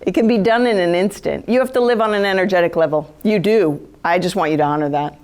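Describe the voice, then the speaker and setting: A woman gives a live talk in a chatty, animated manner, with a somewhat low-pitched voice. She is casual with the audience and often acts out quoted inner thoughts. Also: fast talker. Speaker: speaker giving a talk on empathy.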